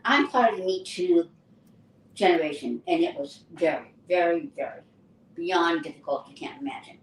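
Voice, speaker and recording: An older woman, an actress, recounting her career in a lively, anecdotal interview style. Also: on the low side, normal speed, slight background noise. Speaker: actress and guest. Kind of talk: casual interview storytelling. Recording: roomy distant mic with faint ambience.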